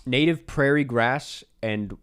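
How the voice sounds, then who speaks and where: A man streaming a geography guessing game, talking to himself and his chat in an excitable, casual way. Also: mid-range voice, slow pace, smooth. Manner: excitable, talks to himself while guessing, swears. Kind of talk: casual live gameplay chat.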